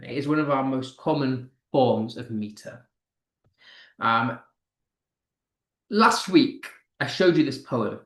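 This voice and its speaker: In a live online lesson, a British English teacher speaks with a medium-pitched, fairly bright voice. He's encouraging and puts emphasis on verse, and the room sounds echoey.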